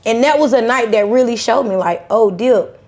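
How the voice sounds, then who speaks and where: A woman from Charlotte, North Carolina, a podcast guest telling her story in a lively, conversational way and acting out what people said. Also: a little high, normal speed. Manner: animated, acts out voices in her stories.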